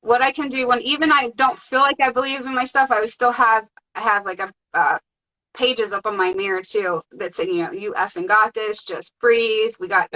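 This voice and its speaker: A woman guest telling her story in a casual, excited way, with many fillers. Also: a little high, brisk, lo-fi sound. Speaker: podcast guest.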